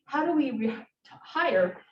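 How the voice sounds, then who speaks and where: A woman's voice: high voice, lively intonation, takes it slowly, highs cut off. Woman presenter, earnest, keeps asking right?, echoey room w faint hiss. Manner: earnest, tag questions like "right?". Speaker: social work presenter. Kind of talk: conference talk. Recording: roomy, distant mic, faint hiss.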